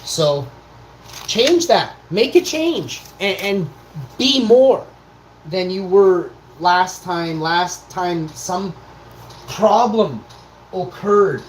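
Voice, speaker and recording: Speaking very slowly, this man in his forties rants as a vlog host, confrontational and profane, with a stream of rhetorical questions. His high-pitched voice has lively intonation, heard through roomy echo and faint background noise.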